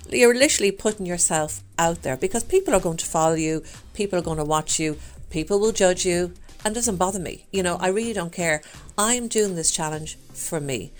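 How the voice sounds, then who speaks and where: A woman's voice: lowish voice, animated, fairly quick, hardly any pauses. An Irish woman in her fifties chatting in an upbeat, rambling way as a participant in a health challenge. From Ireland. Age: 50s. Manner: chatty and upbeat, full of fillers. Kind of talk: casual chat.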